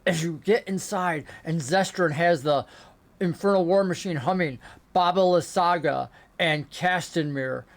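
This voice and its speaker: A man's voice: fairly high pitch, measured pace. Male game master narrating a tabletop game. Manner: descriptive, builds to excited narration in action. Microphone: remote call setup.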